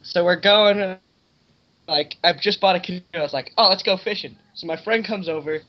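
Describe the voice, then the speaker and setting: A man's voice: sits high, moderate pace, highs cut off. A young man on a podcast, telling a loose, rambling story in casual chat with plenty of swearing. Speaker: podcast co-host.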